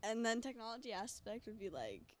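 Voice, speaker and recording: A teenage girl graduating high school, chatting casually and giggling as a podcast guest in her bedroom. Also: very animated, brisk. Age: late teens. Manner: giggly, laid-back. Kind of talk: casual chat.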